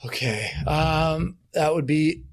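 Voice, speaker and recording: A middle-aged man and coach, a guest on a podcast, telling stories with animated bits of voice acting for the people he quotes. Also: a little high, slow pace. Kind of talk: storytelling in a podcast interview.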